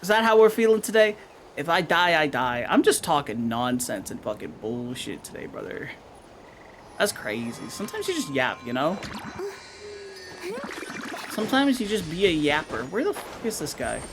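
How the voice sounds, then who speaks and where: A woman streaming a game, chatting casually with her viewers in an excitable, talkative way and swearing now and then. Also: low-pitched, moderate pace, pauses often, noisy background.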